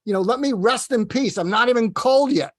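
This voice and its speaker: A man putting on a gruff, impatient older man with a Brooklyn accent, needling and exasperated. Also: extremely high pitch, brisk, dry recording, clean studio sound, pitched above the performer's own voice. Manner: exasperated, needling, repeats name.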